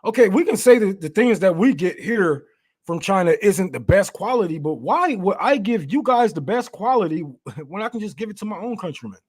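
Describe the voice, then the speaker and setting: High-voiced man on a profane rant. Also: expressive, moderate pace, breathy edge. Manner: profane, laughs often, heated. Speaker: political commentator. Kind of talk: casual political rant.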